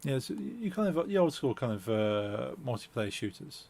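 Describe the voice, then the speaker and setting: A man's voice: medium pitch, sing-song, normal speed, creaky, a little mellow. A man streaming a game, chatting casually and hesitantly with lots of fillers and restarts. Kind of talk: casual gaming chat.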